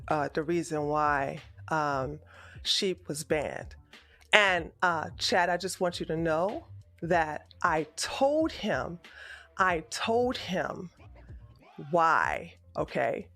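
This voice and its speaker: Bright-voiced woman host ranting profanely. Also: sits low. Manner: profane, shouting, combative. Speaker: political livestream host. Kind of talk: heated livestream rant.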